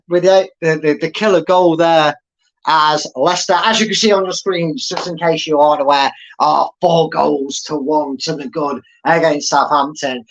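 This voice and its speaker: A man's voice: on the high side, rough recording. A man hosting a fan channel, giving live watchalong commentary in a chatty, rambling way with many fillers and restarts.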